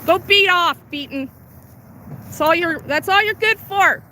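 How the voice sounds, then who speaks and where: A woman's voice: extremely high pitch, a little slow, pushed and bright. A woman activist filming a homeless camp sweep on a city street, angrily heckling and swearing at the workers, recorded on a handheld phone. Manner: angry, profane, heckling. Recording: street traffic noise.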